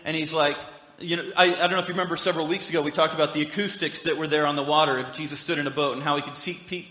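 A man's voice: fairly high pitch, fairly even intonation, very fast, bright, forceful tone. A man preaching a sermon in a conversational, storytelling way with humorous asides. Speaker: pastor. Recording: echoey hall reverb.

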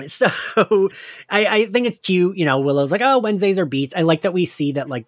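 A man's voice: high-pitched, animated, normal speed, no room sound, clean studio sound. A man hosting a casual chat, laughing often and talking with plenty of fillers. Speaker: podcast host.

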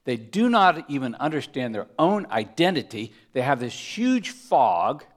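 A man preaching a sermon, emphatic, moving between loud stresses and hushed asides, often asking his listeners rhetorical questions. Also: medium pitch, big pitch swings, a little slow. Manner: asks the congregation rhetorical questions. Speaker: pastor.

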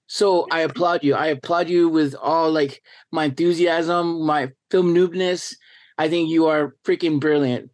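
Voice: medium pitch, steady tone, measured pace. A podcast host interviewing a guest with enthusiastic, rambling talk full of restarts.

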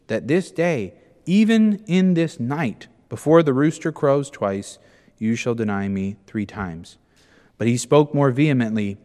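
A man preaching a sermon as pastor, animated and acting out the speakers in the scripture passage. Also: mid-range voice, long reverb tail.

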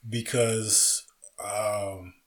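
A man's voice: fairly low pitch, fairly even intonation, very slow. Guy on a podcast rambling happily about film easter eggs, loose and casual. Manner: enthusiastic movie trivia, rambling with restarts. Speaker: podcast co-host. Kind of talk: casual chat.

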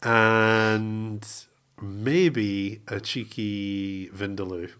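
A male podcast co-host answers with dry, deadpan humor in a fairly low voice. He keeps it loose and conversational. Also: very slow, smooth. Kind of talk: casual chat.

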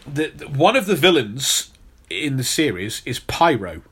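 A man's voice: mid-range voice, big pitch swings, a little slow, fairly bright tone, breathy edge. A man hosting a podcast, telling a long story in casual chat with many restarts. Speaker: podcast host.

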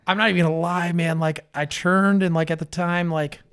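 A man's voice: a little high, steady tone, brisk, a bit bright, clear, resonant tone. A man in his thirties chatting casually as a podcast guest, loose and profane, full of fillers and restarts. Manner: laid-back, heavy swearing, lots of fillers. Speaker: brewery owner guest.

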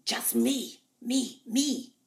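A woman voicing the ghost of an aging female silent-film diva, in a husky low whisper with an imperious, drawling manner. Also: very slow, exaggerated voice.

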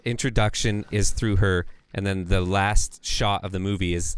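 Hesitant low-voiced male podcast co-host. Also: steady tone, moderate pace, clear, resonant tone, no echo. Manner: hesitant, full of fillers. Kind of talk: casual film review chat.

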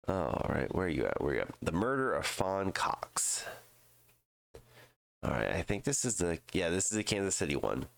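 A congested man, hosting a true crime show and reading a news article aloud, halting with fillers and restarts. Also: low voice, sing-song, gravelly, no room sound. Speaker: true crime podcast host.

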